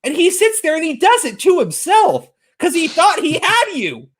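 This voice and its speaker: A man's voice: very high-pitched, very animated, moderate pace, a bit bright. A man hosting a casual commentary show, ranting profanely and breaking into incredulous outbursts. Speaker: podcast host.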